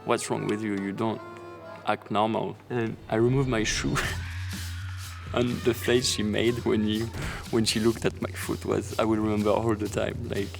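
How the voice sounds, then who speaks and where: A man in his thirties with a French accent, telling a personal story in a lively way, laughing often and acting out what others said. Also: lowish voice, normal speed, vocal fry, music in the background. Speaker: BMX rider telling a story.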